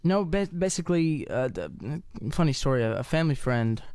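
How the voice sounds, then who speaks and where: Young man, relaxed and halting. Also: medium pitch, slight background noise. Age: around 20. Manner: relaxed, halting with restarts and fillers. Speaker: guest singer and actor. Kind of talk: casual interview chat.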